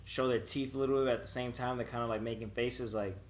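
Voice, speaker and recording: A man's voice: medium pitch, fast talker, a little hiss or hum. Young man telling a wild story. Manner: animated, swearing, acts out quotes. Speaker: vlogger. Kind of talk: casual storytelling.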